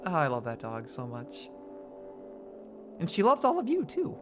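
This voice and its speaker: A woman live-streamer with a lowish voice that leaps all over the place as she talks. She is excitable and swears freely. Faint music plays behind her. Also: moderate pace. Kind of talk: casual live-stream chat.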